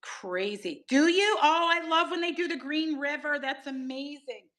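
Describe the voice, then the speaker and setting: A woman's voice: sits high, measured pace, a bit bright. A middle-aged woman, hosting a live-stream auction, gushing over items and greeting viewers by name. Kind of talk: chatty live auction selling.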